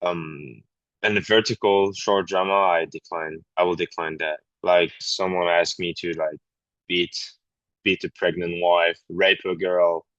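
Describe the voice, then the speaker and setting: A very low-pitched man with a French accent talks candidly in a relaxed podcast chat, often hunting for his English words. The audio is a little dull and lo-fi, with a dry, close sound and no room echo. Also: measured pace. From France. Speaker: guest actor. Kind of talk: casual podcast conversation.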